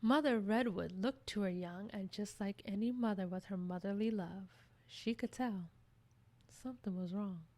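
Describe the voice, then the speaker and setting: A woman reads a storybook aloud in an expressive, measured way. Her voice sits at a middle pitch for a woman. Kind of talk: storybook reading.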